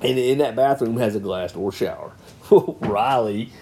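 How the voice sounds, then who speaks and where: A man telling a family story in casual podcast chat, lively and playful. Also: medium pitch, unhurried, slight background noise. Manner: animated storyteller, acts out voices.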